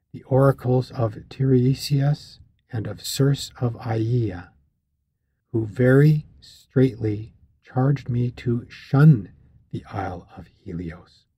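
A man voicing a grave, commanding sea captain from an ancient epic, speaking slowly and solemnly in archaic phrasing for an audiobook. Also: mid-range voice, warm tone, husky, dry recording. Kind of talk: audiobook reading of a classic epic.

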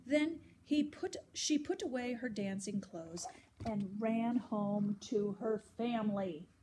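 Storyteller: woman, fairly high voice, gentle expressive read-aloud, faint hiss. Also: takes it slowly.

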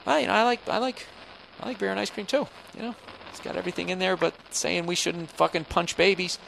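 Recorded on one microphone with no headphones, a man hosts a podcast from a hotel room, delivering a rambling, sarcastic, profane comedic rant. His voice sits high and is creaky and fairly bright, with fairly even intonation and fast speech. The audio is poor, carrying a little hiss or hum.

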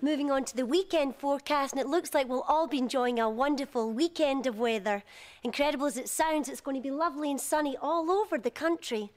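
An actress with a Scottish accent playing a cheerful TV weather presenter in upbeat broadcast style. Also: female voice, high-pitched, brisk, natural voice. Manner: bright, upbeat presenter delivery.

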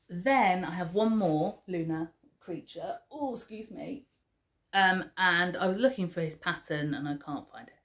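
Slow, chatty woman vlogger, low-pitched. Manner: chatty, fond, with fillers and soft laughs. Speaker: craft vlogger. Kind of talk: casual show-and-tell chat.

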